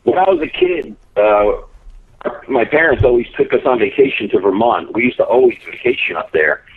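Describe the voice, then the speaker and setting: A man's voice: fairly low pitch, big pitch swings, fairly quick, slightly rough, phone-quality sound. A man with a New Jersey accent, guesting on a show and telling rambling, profane stories. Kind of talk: casual chat.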